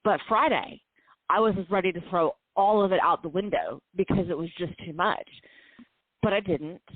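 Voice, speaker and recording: With a voice on the low side, a female podcast co-host candidly relates a personal story, full of emotion and heartfelt. She shifts between fast bursts and slow passages, and the sound is dry and tinny, phone-line style.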